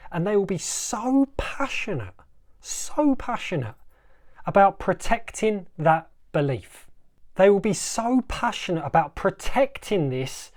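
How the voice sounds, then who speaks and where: A man's voice: sits high, very animated, a little mellow. Emphatic man hosting a motivational podcast. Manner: emphatic, repetitive, slows for dramatic effect. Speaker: life coach, podcast host.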